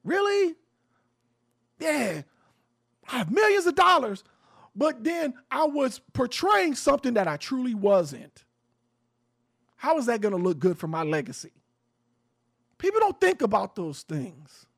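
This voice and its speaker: High, gravelly, fired-up male talk host. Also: very animated, a little slow, pauses often, a bit bright. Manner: impassioned, blunt, profane. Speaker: radio show host. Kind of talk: heated opinion talk. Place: home in the Arizona desert.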